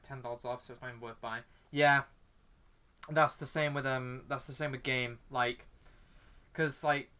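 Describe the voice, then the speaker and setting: A man's voice: medium pitch, bright, forceful tone. Chatty British guy streaming a game. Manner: rambling, chatty, lots of fillers and restarts. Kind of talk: casual chat while gaming. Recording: faint background music.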